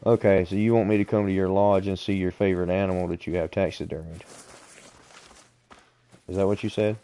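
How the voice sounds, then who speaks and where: Streamer, male, deep and mellow, calm guide to fellow players. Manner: unhurried, explains directions to other players. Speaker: gaming streamer. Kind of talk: casual gameplay chat.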